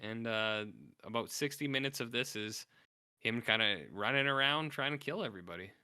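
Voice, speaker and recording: Brightish rambling male podcast host. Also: medium pitch, moderate pace, clean tone, no echo, clean studio sound. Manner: rambling retelling with acted-out quotes. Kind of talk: casual film review chat.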